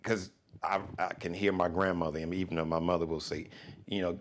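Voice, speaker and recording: Deep-voiced man affirming his guest. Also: little pitch movement, fairly quick, a little hiss or hum. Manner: affirming, encouraging responses. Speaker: host.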